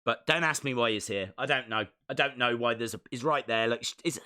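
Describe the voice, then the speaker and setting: A man's voice: mid-range voice, brisk, hardly any pauses, pushed and bright. A man hosting a live stream and rambling in a jokey way while he answers chat comments. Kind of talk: casual live watch-along chat.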